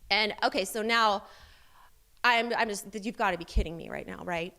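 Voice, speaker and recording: A woman's voice: medium pitch, normal speed, creaky, bright, forceful tone. A woman sharing a personal church testimony, candid and self-deprecating, with many fillers and restarts.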